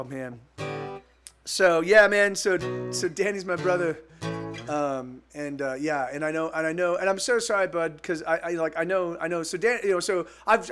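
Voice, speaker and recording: A man's voice: fairly high pitch, fairly bright tone. Guy musician rambling on his stream, stumbling over words, choked up, guitar going underneath. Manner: halting, full of restarts, choked up. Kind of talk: casual talk between songs on a live stream.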